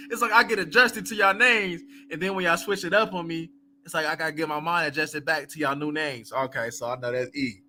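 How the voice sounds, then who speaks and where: A man's voice: a little high, fairly even intonation, normal speed, sharp tone. A man hosting a casual live book chat, talking loosely with many fillers and asides and laughing often between thoughts.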